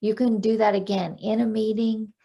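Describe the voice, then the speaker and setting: A woman life coach, a guest on a podcast interview over a video call, explaining calming techniques in a practical way and counting out breaths. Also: mid-range voice, moderate pace, creaky, husky.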